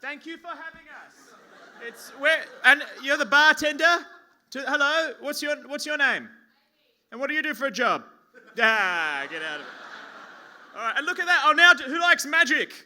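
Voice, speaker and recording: An Australian stand-up comedian works a pub stage from a mic at a lectern, rambling in self-mocking fashion and tripping on restarts. His animated voice is unusually high, sharp and bright, at a normal pace, with a little background noise.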